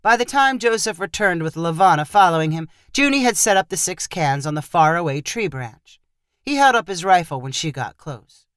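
Low, expressive woman reading a story. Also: moderate pace, no room sound, studio quality. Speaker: narrator. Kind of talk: scripted narration of a short story.

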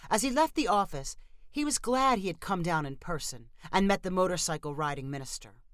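A woman narrating a storybook in a steady, even reading. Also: lowish voice, no echo, clean studio sound.

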